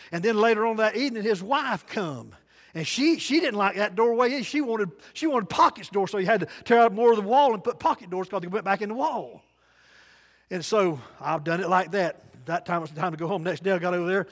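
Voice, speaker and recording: A man preaching a sermon, telling folksy stories in dialect and shifting between loud and soft delivery. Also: sits high, lively intonation, moderate pace. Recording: long hall reverb.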